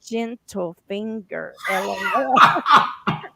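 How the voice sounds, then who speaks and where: Gravelly-voiced woman hosting. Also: medium pitch, takes it slowly, a little hiss or hum. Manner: loud, laughing, reads out viewer comments. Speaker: podcast host. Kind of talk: casual chat.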